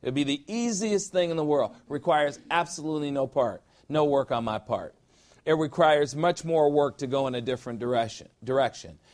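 Middle-aged male pastor, slightly higher voice, casual and emphatic sermon delivery. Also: normal speed, a little mellow. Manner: informal and emphatic, repeats phrases for effect. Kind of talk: conversational sermon.

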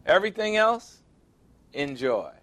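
A man's voice: high voice, sing-song, unhurried, a bit bright. A middle-aged man preaching a sermon, reading scripture aloud and pressing his points with rhetorical questions. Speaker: pastor.

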